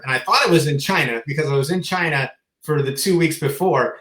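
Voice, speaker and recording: A man co-hosting a live spiritual Q&A, telling stories with enthusiasm and sometimes dropping to a soft voice. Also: a little high, brisk, roomy sound. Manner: enthusiastic storyteller, soft-spoken at times. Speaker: co-host. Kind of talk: live Q&A chat.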